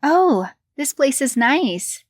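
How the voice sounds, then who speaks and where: A woman playing a gushing, excitable woman viewing a house, pitched up well above an everyday voice. This is a horror storybook reading with a dry, close sound. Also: takes it slowly, no room sound, exaggerated voice. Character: chatty excitable female house buyer.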